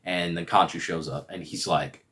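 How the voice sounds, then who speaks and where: A man's voice: deep voice, steady tone, normal speed, pushed and bright. A man giving a casual, rambling review that recaps a TV episode and is full of fillers. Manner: rambling, filler-heavy retelling. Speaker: video reviewer.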